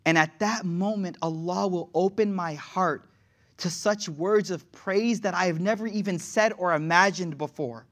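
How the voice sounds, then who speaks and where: A man's voice: sits high, unhurried. A man preaching a storytelling sermon, acting out quoted speech and slipping in Arabic phrases between casual asides.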